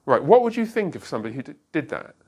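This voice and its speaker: Lively man leading a Bible class. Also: fairly high pitch, breathy edge. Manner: animated, questioning the group, quick asides. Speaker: Bible study leader. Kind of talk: interactive Bible class teaching.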